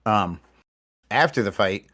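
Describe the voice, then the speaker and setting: Podcast host guy, kinda low voice, swears a ton while telling a story. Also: expressive, slow pace, fairly bright tone. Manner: storytelling with heavy profanity. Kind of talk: casual chat.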